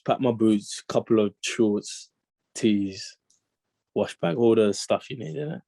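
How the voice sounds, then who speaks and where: A man's voice: lowish voice, slow, creaky, no room sound. Young guy, chatty and slangy, acts out every quote, dead dry close mic. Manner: animated slang-heavy storytelling, acts out quotes. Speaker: interview guest, footballer. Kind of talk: casual storytelling chat.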